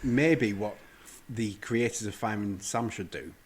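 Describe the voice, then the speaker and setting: A man's voice: on the low side, measured pace, breathy edge. A man co-hosting a podcast in casual chat, throwing in wry, teasing quips. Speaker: podcast co-host.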